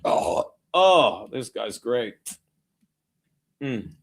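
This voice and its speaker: Speaking extremely slowly, this streamer has a mid-range male voice with big swings in pitch. He hosts a betting watchalong of a game, cursing nonstop, rambling, and poking fun at his viewers in a brash way while messing with his browser.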